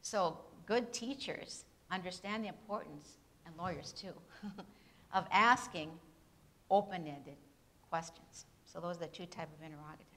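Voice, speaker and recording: A woman's voice: on the low side, measured pace, a bit bright. Woman teaching grammar, quizzing her class. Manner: asks questions and answers them herself, with tag questions; reads example sentences with shifting emphasis. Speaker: Bible institute grammar teacher. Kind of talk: classroom lecture with questions to students.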